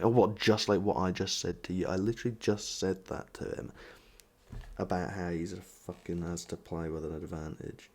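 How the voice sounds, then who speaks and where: A man's voice: low-pitched, darkish tone. A man giving heated, profane gameplay commentary, mocking and ranting about another player. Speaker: gaming commentator.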